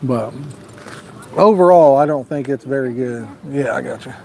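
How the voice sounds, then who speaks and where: A man's voice: mid-range voice, normal speed, vocal fry, mellow, a little hiss or hum. A man hosting a live fishing stream outdoors at night, reading out viewer comments in a folksy, joking, laid-back way. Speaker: fishing channel host.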